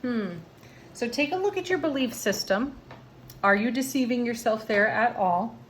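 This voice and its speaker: A woman giving a tarot card reading in a gentle, encouraging, spiritual manner. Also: on the high side, expressive, moderate pace, a little hiss or hum. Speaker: tarot reader.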